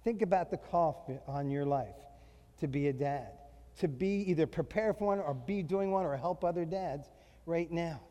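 A middle-aged man preaching a sermon to fathers. He is emphatic, slows down to stress key phrases and mixes in humorous family stories. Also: on the high side, dark tone. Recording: long reverb of a large hall.

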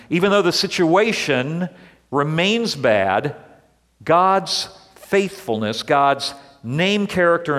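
A male pastor preaching a sermon in an earnest, deliberate way, leaning on repeated words, in a church sanctuary. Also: on the high side, a bit bright. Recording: long reverb of a large hall.

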